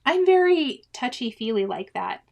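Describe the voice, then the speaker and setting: A woman's voice: sits high, sing-song, moderate pace, vocal fry, darkish tone, highs cut off. A woman in her forties hosting a cross-stitch livestream, chatting casually and reading viewers' comments with frequent laughs and exclamations.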